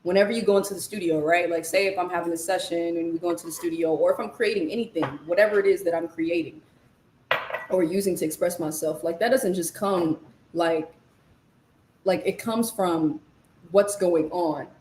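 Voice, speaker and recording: A woman's voice: fairly low pitch, steady tone, fairly quick, darkish tone, roomy sound, slight background noise, poor audio. A young woman musician as a guest, talking loosely with slang and lots of fillers. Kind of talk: casual chat while eating. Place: Los Angeles.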